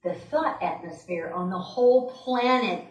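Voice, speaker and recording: A woman's voice: medium pitch, measured pace. A woman giving a sermon at a church, chatty and playful, laughing often and speaking to the congregation with asides. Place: church sanctuary. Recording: roomy church sound from a distance.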